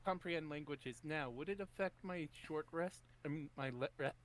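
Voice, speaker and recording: A man's voice: a little high, moderate pace, no echo. A man playing in a tabletop game over voice chat, hesitant and full of questions. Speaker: player. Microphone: online voice call.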